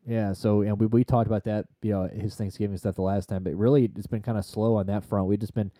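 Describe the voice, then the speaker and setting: A male podcast co-host talks in a low, mellow voice, recorded dry and close with no room sound. He rambles through loose, profane chat and gets excited as he goes off on tangents. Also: fast, no echo.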